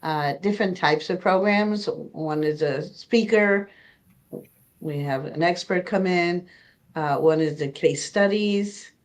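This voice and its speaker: A woman's voice: on the low side, slow pace. A woman who runs patient advocate programs, speaking on an online panel with frequent hesitations. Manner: hesitant, many uh and um fillers. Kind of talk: panel discussion. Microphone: video call.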